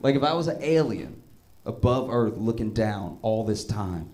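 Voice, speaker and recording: A male stand-up comedian telling stories on a comedy club stage, his voice jumping high and loud at the punchlines. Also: moderate pace. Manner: animated storytelling, voice jumps high for punchlines.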